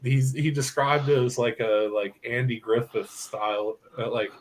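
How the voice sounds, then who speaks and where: A man rambling through casual chat with lots of swearing and filler words. His voice sits at an ordinary middle pitch. A faint hiss of noise runs behind him. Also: steady tone, normal speed, rough recording. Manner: rambling, profane storytelling with frequent fillers. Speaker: podcast host.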